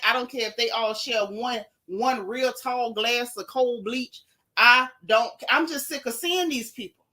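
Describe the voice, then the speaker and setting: A woman's voice: a little high, normal speed, sharp tone. A woman hosting a livestream podcast, ranting in a casual, exasperated and emphatic way with dramatic repetition. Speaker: podcast host.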